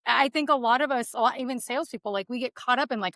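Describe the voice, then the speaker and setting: A woman's voice: high-pitched, fast talker, few pauses, sharp tone, no room sound. A woman with a Texan accent, a real estate agent being interviewed, talking casually and enthusiastically with many fillers.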